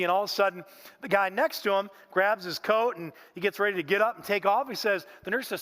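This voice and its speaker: A man's voice: high-pitched, fast, fairly bright tone. A man preaching a sermon in a church, telling stories in a folksy way and often saying "man". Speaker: pastor. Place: church sanctuary.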